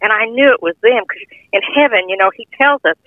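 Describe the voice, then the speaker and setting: Older woman, high voice, earnest testimony, dry tinny phone audio. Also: a little fast, no echo. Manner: earnest, heartfelt, informal grammar. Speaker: guest sharing a testimony. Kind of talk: personal testimony storytelling.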